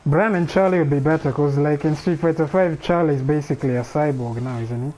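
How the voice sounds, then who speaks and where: Mellow-voiced man rambling on a stream. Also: fairly high pitch, fairly quick, slight background noise, low-quality recording. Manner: rambling, thinking aloud with many restarts. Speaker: livestream host. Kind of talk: casual livestream chat. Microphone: streaming microphone.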